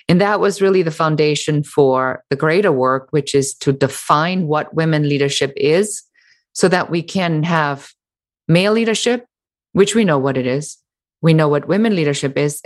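A woman author and entrepreneur answering interview questions in an animated, emphatic way. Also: low voice. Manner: animated, emphatic, mocking quoted critics.

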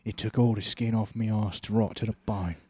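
A man's voice: lowish voice, fairly even intonation, brisk, dark tone, breathy edge, no echo. A young Australian man co-hosting a comedy podcast, trading crude improvised jokes and slipping into put-on accents. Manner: slips into a mock British accent, lots of laughing. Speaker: podcast co-host.

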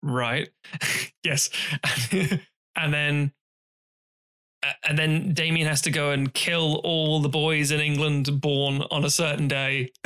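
A man's voice: fairly high pitch, slow, clear, resonant tone. A man co-hosting a podcast, chatting casually and animatedly about films, swearing and acting out scenes. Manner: animated, swearing, acts out scenes in silly voices. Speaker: podcast co-host. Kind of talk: casual film chat.

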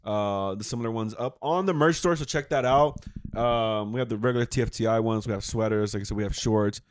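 A man's voice: fairly low pitch, fairly quick, dry recording, clean studio sound. A man hosting a podcast in casual chat, joking and wrapping up with merch plugs. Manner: laughing, joking, trying voice impressions. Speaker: podcast host.

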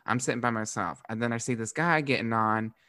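A young man from Florida, a drag performer hosting a podcast, telling stories in a casual, animated way with frequent swearing and laughter. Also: medium pitch, brisk, no room sound. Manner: animated, profane, laughs often. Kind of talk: casual storytelling.

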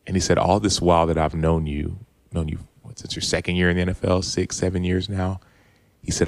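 A man's voice: low-pitched, flat delivery, moderate pace, creaky, dry recording. A man in his thirties, a podcast guest and former football player, earnestly telling a personal story with many restarts. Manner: earnest, open, retelling quotes with frequent restarts. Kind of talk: reflective storytelling.

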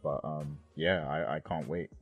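An extremely deep-voiced man co-hosting a podcast in casual chat. His tone is husky, and he rambles along with plenty of ums and you-knows. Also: steady tone, measured pace, no echo, soft background music. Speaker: podcast co-host.

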